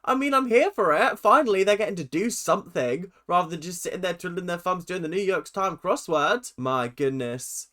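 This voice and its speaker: A man talking casually through a reaction video, chatty and animated, laughing often and breaking into exaggerated outbursts. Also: high voice.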